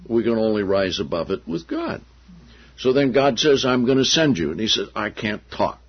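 A man preaching a sermon, telling stories with animated voices for the people he quotes. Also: on the low side, moderate pace, slightly rough. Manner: animated storytelling, acting out quotes. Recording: dull lo-fi sound.

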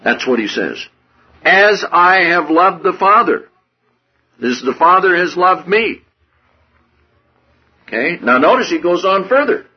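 Man preaching a sermon, husky voice, dramatic rises and drops, dull lo-fi radio sound. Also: very animated, measured pace, long pauses. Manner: swings from hushed lows to loud high outbursts.

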